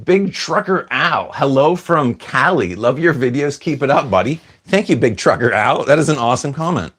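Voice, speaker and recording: A man hosting a casual livestream, reading viewer comments aloud and answering them as he goes. He rambles, trails off mid-thought and pokes fun at himself. His pitch sits at an ordinary middle height. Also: expressive, normal speed, a bit bright, husky. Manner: chatty, self-deprecating, wanders off mid-sentence.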